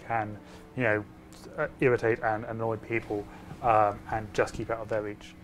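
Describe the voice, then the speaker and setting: A game developer talking casually about a design, hesitant and full of fillers. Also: male voice, on the low side, level tone, moderate pace, faint music behind. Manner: hesitant, many fillers and restarts.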